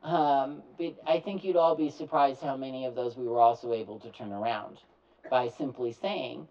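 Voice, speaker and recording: Man, storytelling talk, animated, plays out both ends of calls; distant dull recording. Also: medium pitch, normal speed. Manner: animated, acts out both sides of phone calls. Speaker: speaker telling his story.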